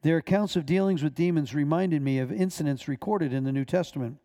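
Gravelly, mellow-voiced man reading aloud. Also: fairly high pitch. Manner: measured reading with small stumbles. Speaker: minister.

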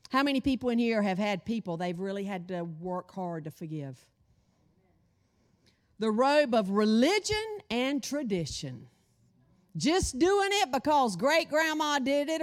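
Animated woman preaching, lively pitch. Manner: animated, addresses the congregation with questions and call-and-response. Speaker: women's Bible study teacher. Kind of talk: sermon.

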